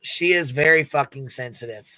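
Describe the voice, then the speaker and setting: A man's voice: medium pitch, normal speed, sharp tone, dry recording. A man chatting casually on a livestream panel, swearing freely and laughing often as he retells scenes with quoted voices.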